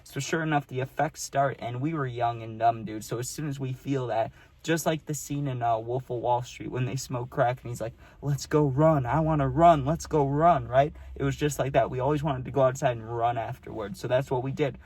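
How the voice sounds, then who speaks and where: A young man tells a wild personal story straight to his viewers. His voice sits at a middle pitch, and he keeps it loose and slangy, dropping "dude" between lines. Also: fairly quick, no echo. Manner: slangy, animated, says "dude" often. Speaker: vlogger. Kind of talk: casual storytime monologue.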